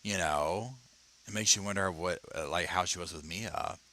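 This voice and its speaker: A man hosting a casual commentary channel, talking and reading an article aloud in a chatty, animated way, often stammering and restarting. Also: deep voice, moderate pace. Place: home, at his computer.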